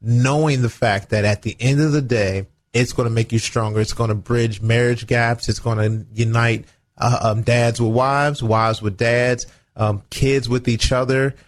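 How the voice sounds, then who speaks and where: A former football player co-hosting a radio talk show speaks earnestly and preachily about faith, family and leadership. His mid-range voice is steady and measured, and he acts out little quoted exchanges.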